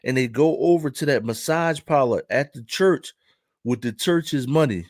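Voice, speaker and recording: A man doing an impression of an excited male parking-lot attendant with an African accent, drawing out his words with emphasis. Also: mid-range voice, moderate pace, dry recording, studio quality, lightly acted. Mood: excited gossip.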